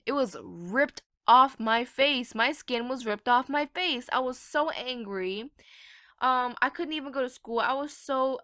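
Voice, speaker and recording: A teenage girl rambles through a storytime, chatty and quick to swear. Her voice is bright and on the high side. The recording is dry and close. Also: no room sound. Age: teens. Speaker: gaming vlogger. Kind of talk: casual storytime chat.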